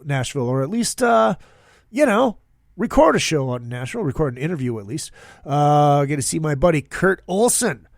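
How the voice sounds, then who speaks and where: A man's voice: fairly high pitch, vocal fry, no room sound, clean studio sound. A man hosting his own podcast, talking casually in an upbeat, rambling way with plenty of fillers. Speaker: podcast host. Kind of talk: casual solo podcast monologue.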